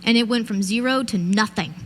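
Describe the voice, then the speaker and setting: A woman gives a motivational keynote on stage, her voice sitting fairly high. She tells a vivid personal story and speaks straight to the audience. A faint hiss of noise stays under the speech. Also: fairly quick, a bit bright. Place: event stage.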